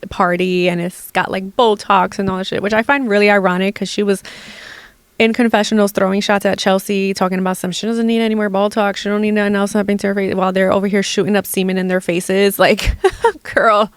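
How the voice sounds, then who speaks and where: A young adult woman hosting a casual gossip podcast, animated and exasperated, full of "like" and swearing. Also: medium pitch, a little fast, clear, resonant tone, no room sound. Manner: animated, heavy use of "like", profane, exasperated. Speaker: podcast host.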